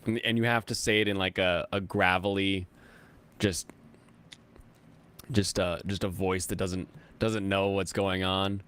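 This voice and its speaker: A man hosting a casual livestream, chatting and reading viewer comments in a rambling, animated way, laughing often and jumping up high when excited. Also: a little slow, long pauses, clean tone. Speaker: streamer host reading chat.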